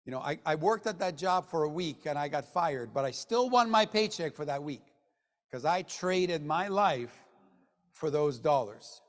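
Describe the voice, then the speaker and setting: A man giving a motivational sales training talk to a room of people, joking, and swinging between low mutters and loud bursts. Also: lively intonation, measured pace. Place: meeting room with an audience. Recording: long hall reverb.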